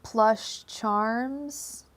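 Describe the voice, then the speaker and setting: A young woman from the United States giving live tarot readings on a stream, chatty and quick to laugh, who chants her invocations to the cards in an even, repeating rhythm. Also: a little high. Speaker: tarot reader.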